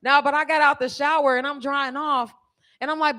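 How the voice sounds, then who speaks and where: A woman's voice: high-pitched, quick pace, bright, forceful tone. Brash middle-aged stand-up woman, bawdy crowd-teasing delivery, live on a stage mic. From California. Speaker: stand-up comedian.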